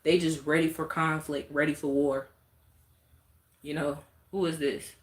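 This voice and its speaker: A woman's voice: sits low, little pitch movement, unhurried. A woman streaming live, talking in a blunt, exasperated, rambling way to her viewers. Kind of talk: casual live-stream rant. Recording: roomy echo.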